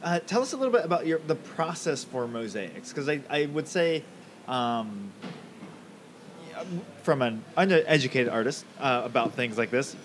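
A man's voice: mid-range voice, expressive, moderate pace, slight background noise. A man hosting a casual podcast interview, asking questions hesitantly with many fillers. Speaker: podcast host.

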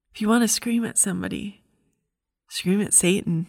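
A woman's voice: mid-range voice, moderate pace, creaky, a little mellow. A middle-aged woman giving a heartfelt, earnest devotional message as a Christian speaker.

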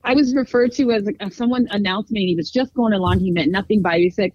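A woman guest on a podcast, upbeat and quick to laugh, turning earnest when she explains her views. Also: mid-range voice, dry recording, muffled recording. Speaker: congressional candidate guest. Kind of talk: casual podcast conversation.

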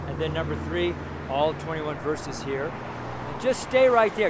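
A man preaching a street sermon outdoors by a busy intersection, talking in an earnest, rambling way with many fillers and restarts. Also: fairly high pitch. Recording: noisy street recording with traffic. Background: loud traffic noise.

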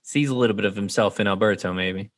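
Animated man reviewing a film. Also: on the low side, fast talker. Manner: animated, acts out quoted characters. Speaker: podcast co-host. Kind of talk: casual movie review chat.

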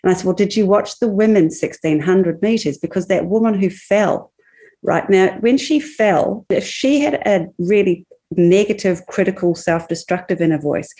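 A woman coaching mental skills as a podcast guest, explaining things in a calm, encouraging way. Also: mid-range voice, normal speed. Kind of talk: casual podcast chat.

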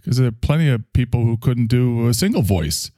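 A man's voice: mid-range voice, animated, fairly quick, warm tone, no room sound, clean studio sound. A man hosting a stream, talking in a rambling, self-reflective way and swearing freely. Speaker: stream host. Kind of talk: casual monologue to an online audience.

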